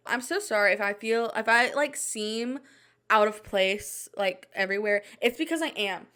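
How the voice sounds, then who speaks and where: A young woman talks alone into her podcast mic late at night, her voice at a middling pitch. She rambles and restarts, leaning on "like" as nerves keep getting the better of her. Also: normal speed, a bit bright. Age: young adult. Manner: rambling, flustered, many "like" fillers and restarts. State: anxious and shaken. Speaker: podcast host. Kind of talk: casual solo chat. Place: at home at night.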